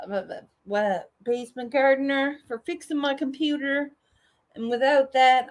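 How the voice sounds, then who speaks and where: A woman hosting a casual livestream, joking and swearing freely as she chats with viewers. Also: fairly high pitch. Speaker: livestream host.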